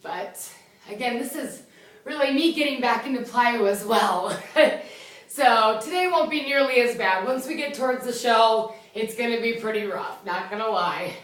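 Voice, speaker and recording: A woman leading a home workout, with a loud voice, out of breath as she exercises and counts reps in a chatty way. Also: fairly high pitch, moderate pace. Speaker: fitness instructor. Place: small indoor room. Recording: echoey room from a distance.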